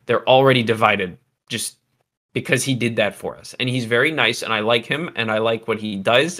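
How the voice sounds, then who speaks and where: A man walks viewers through music software in a relaxed livestream lesson, his voice bright and forward. He drifts into fillers and side remarks to the chat, and he sounds slightly hoarse from losing his voice. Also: mid-range voice, normal speed. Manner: loose and chatty, many fillers and asides to chat. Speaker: music production teacher. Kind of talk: casual livestream tutorial.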